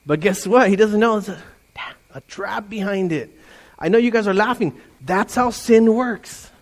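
A middle-aged man preaching a lively sermon to his congregation, animated and playful, often mimicking voices. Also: high-pitched, normal speed. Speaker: pastor.

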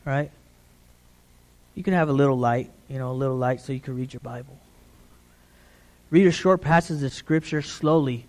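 A middle-aged man preaching a sermon in a relaxed, conversational way, often checking in with the congregation. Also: medium pitch, moderate pace, pauses often. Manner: conversational, repeats "right?" to the congregation.

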